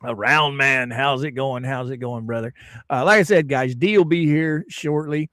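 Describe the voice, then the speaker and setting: A man's voice: mid-range voice, moderate pace, a bit bright, dry recording, clean studio sound. A man hosting a casual livestream, laughing often and greeting viewers in the chat. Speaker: livestream host.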